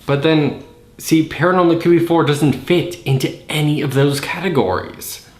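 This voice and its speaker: A podcast host with a fairly high voice speaks at a moderate pace, casually and sarcastically picking apart a horror movie one scene at a time. He acts out moments in silly voices, and the recording has a roomy echo.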